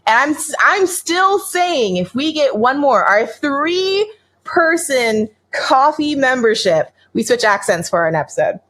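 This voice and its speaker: A woman's voice: high voice, big pitch swings, unhurried, fairly bright tone. An American woman co-hosting a podcast, chatting casually in a bubbly, rambling way and laughing often. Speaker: podcast co-host. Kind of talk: casual chat on a livestreamed podcast.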